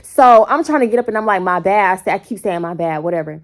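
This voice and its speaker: A young woman in her twenties tells a story casually to a phone camera at home, full of slang and squealing up into quoted voices. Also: quick pace. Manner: animated, slangy, jumps into quoted voices with sudden high squeals. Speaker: storytime vlogger. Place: bedroom at home. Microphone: phone held close.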